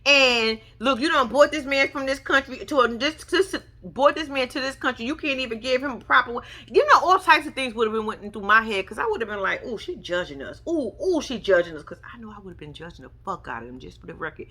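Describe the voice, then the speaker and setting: A woman's voice: a little high, fast, few pauses. A young woman giving casual reality TV recap commentary, sassy and mocking as she acts out the people she talks about. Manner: sassy, animated, mocking imitations.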